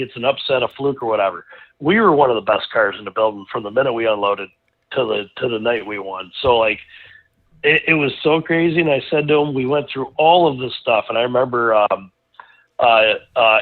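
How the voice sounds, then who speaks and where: A man guest in a casual interview, telling a long story with lots of restarts and asides. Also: medium pitch. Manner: rambling, animated storyteller with many restarts. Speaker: racing driver guest. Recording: tinny phone-like line.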